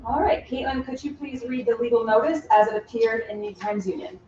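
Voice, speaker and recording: Give me a woman opening a public hearing in a town hall meeting room, calm and formal, heard from a distance. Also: fairly high pitch, noisy background. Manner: formal, measured, with some "uh" fillers. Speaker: meeting chair. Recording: distant, roomy, dull meeting-room audio.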